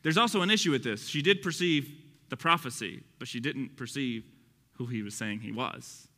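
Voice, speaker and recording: A man's voice: medium pitch, normal speed, sharp tone, long reverb tail. A man preaching a conversational sermon, explaining scripture with chuckling asides.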